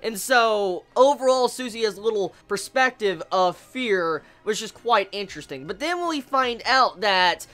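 Bright, excitable manga vlogger. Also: medium pitch, unhurried, few pauses. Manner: excitable, swears freely, exclaims in disbelief; rambling with restarts. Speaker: manga reviewer. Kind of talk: casual video review.

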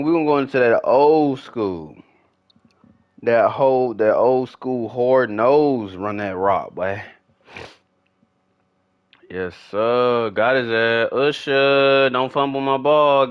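A young man commentating his own football video game as he plays, slangy and swearing, often shouting with excitement. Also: medium pitch, slow, smooth. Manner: trash-talking, swearing, hyped shouts; slangy, repetitive casual speech. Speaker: gaming YouTuber. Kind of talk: live gameplay commentary.

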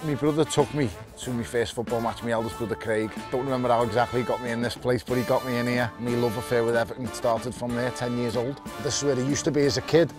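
A man's voice: medium pitch, fairly even intonation, fast talker, few pauses, over music. A man with a Liverpool accent talks passionately and bluntly in a casual documentary chat, with a joking edge. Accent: Liverpool (Scouse). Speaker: football fan on a stadium tour.

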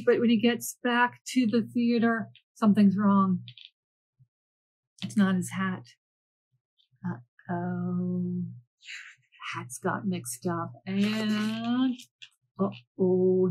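A woman children's librarian reads picture books aloud in a gentle, storytelling way, adding playful asides. Her voice has a slightly husky, breathy edge. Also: medium pitch, rough recording.

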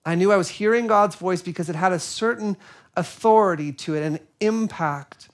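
A man giving a sermon, telling a personal story in an earnest, reflective way with soft pauses. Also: high voice. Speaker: preacher.

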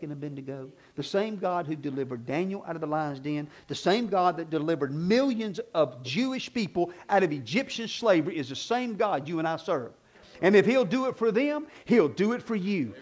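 A male pastor preaching a sermon in an animated, conversational way, often asking "Amen?" and acting out other voices. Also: extremely high pitch. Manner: acts out quoted voices.

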